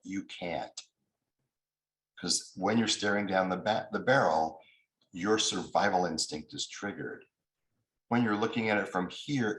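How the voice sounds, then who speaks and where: A man's voice: sits low, a bit bright, reverberant, low-quality recording. A man giving a mediation training lecture over a video call, explaining step by step and now and then acting out angry voices.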